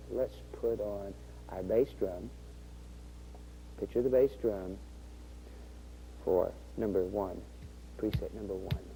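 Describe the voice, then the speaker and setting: Mellow-voiced man teaching organ rhythms. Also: medium pitch, a little hiss or hum, rough recording. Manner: patient, step-by-step, talks directly to the viewer. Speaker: instructional video host demonstrating an organ. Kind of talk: instructional demonstration. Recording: faint organ music behind the voice. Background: organ rhythm sounds.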